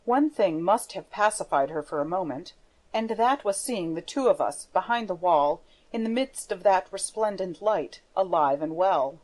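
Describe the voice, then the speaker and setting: A woman narrating an audiobook in a measured storytelling manner. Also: on the low side, lively intonation, a little mellow. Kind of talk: scripted narration.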